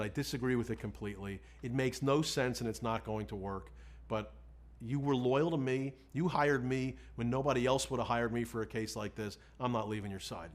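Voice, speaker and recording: Candid man recounting a legal case. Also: medium pitch. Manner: candid, self-deprecating, quotes himself and others. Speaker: defense lawyer. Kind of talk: storytelling in an interview.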